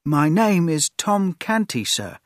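A man's voice: a little high, sing-song, takes it slowly, no room sound, studio quality, pitched above the performer's own voice. A man voicing a poor young beggar boy who answers politely and plainly, in a storybook reading. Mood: humble. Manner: polite and plain, says sir.

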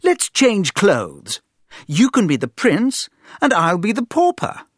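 A man's voice: high voice, slow pace, slightly rough, dry recording, clean studio sound, voice pushed up, exaggerated voice. A man voicing a proud young boy prince who gives orders and talks eagerly, in a storybook reading. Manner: orders loudly, lively and eager.

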